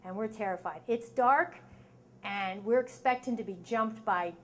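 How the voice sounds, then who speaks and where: Speaking at an unhurried pace with a medium pitch, a middle-aged woman performs a story for a live audience on stage. Her telling is spirited, and she gives the characters their own voices, punctuated by abrupt screams.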